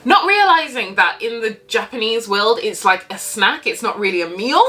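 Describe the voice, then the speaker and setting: Young woman vlogger, bright voice, candid and sweary storyteller. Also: on the high side, moderate pace. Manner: candid, animated, swears freely. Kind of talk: casual storytime.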